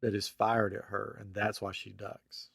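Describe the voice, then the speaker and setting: A man's voice: lowish voice, measured pace, creaky, breathy edge, no room sound. Man chatting on a dry close mic. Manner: animated storytelling with laughs. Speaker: podcast host. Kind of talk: casual chat.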